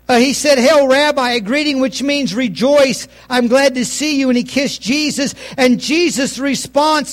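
A middle-aged man pastor preaching a folksy sermon, swinging between loud lines and hushed asides. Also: extremely high pitch.

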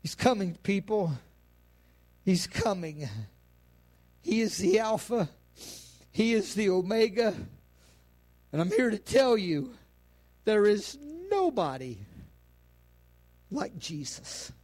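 A male pastor preaching a sermon, building to shouted climaxes and punctuating lines with amens. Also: sits high, expressive, takes it slowly, long pauses.

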